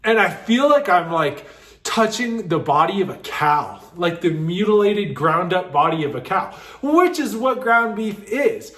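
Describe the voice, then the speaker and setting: A man with a notably high voice tells a personal story in a loose, casual way, often cracking up as he goes. He sounds animated and informal, and his voice rings in a roomy, echoey space. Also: measured pace. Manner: animated, breaks into frequent laughter.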